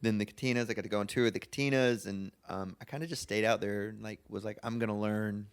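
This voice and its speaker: A man, a guest singer, telling his story in a relaxed, casual way, often saying "like". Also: fairly low pitch, fast, clean tone. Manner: relaxed, filler-heavy, says "like" often.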